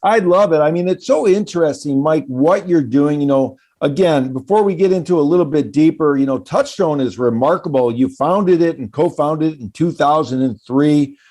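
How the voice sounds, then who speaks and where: A man's voice: on the high side, moderate pace, few pauses, a little mellow. A man hosting a business interview, upbeat and steering his guest with prompting questions. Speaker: interview host.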